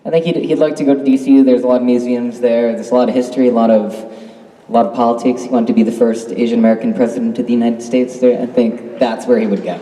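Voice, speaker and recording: A man's voice: medium pitch, steady tone, fast talker, mellow. Chatty man, from Canada, panel storyteller, darker tone, miked far off in an echoing hall. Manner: chatty, laughing, lots of fillers. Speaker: actor on a convention panel. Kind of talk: casual storytelling to a crowd. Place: convention hall stage. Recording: roomy hall from a distance.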